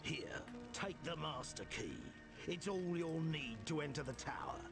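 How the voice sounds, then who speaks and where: A suave, condescending crime lord in a video game, with a put-on British accent. He drawls slowly with a rasping edge and lets his pitch swoop about. His lines sit over loud game music. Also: expressive. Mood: smug.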